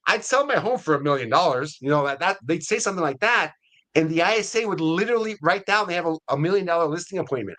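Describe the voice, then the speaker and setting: A middle-aged man with a US Hispanic accent, hosting a webinar in a casual, energetic way with many fillers and restarts. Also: on the high side, quick pace. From Latin America. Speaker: webinar host.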